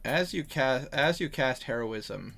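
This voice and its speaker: A man's voice: medium pitch, expressive, measured pace, gravelly, a bit bright. A man running a tabletop game as dungeon master over voice chat, congested with a cough, stopping and correcting himself mid-sentence.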